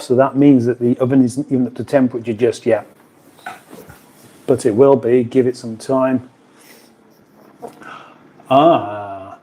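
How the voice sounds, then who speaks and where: A man's voice: medium pitch, dark tone. A British man hosting a casual live stream from a kitchen, chatting in a rambling way and reading out viewer comments. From United Kingdom.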